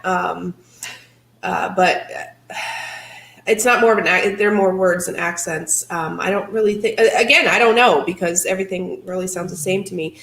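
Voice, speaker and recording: A woman's voice: fairly low pitch, steady tone, normal speed, creaky, fairly bright tone, reverberant, poor audio. A woman hosting a paranormal channel, chatting casually and upbeat, often breaking into laughter. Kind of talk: casual chat.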